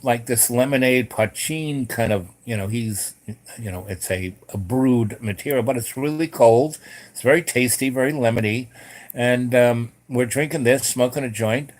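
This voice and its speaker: A middle-aged man spins a loose personal anecdote, full of ums and restarts. His voice sits at an ordinary middle pitch for a man, relaxed and conversational. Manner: rambling, many fillers and restarts. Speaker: host. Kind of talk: casual storytelling.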